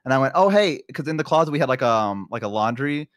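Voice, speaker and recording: A man's voice: medium pitch, quick pace, clear, resonant tone, no echo, studio quality. A young man with a Southern American accent, telling childhood stories in casual chat on a stream, laughing often. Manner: animated, laughs often, acts out quoted voices.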